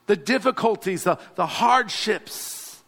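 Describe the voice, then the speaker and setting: A man's voice: high voice, expressive, slow, fairly bright tone. A male pastor, preaching a sermon and calling out to the congregation. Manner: exhorting, calls out to the congregation.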